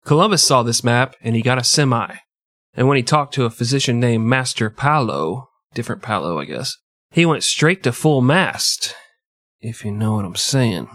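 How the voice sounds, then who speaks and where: A man's voice: mid-range voice, animated, moderate pace, fairly bright tone, dry recording, studio quality. A man co-hosting a podcast, telling history as crude, joking comedy and putting on mock voices. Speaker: podcast co-host.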